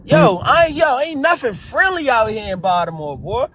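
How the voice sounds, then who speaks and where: A man's voice: very high-pitched, big pitch swings, normal speed, bright, forceful tone, a little hiss or hum. A young man taunting his friends in a voice chat, brash and repetitive, peppering every line with "yo" and insults. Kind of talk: trash-talking banter.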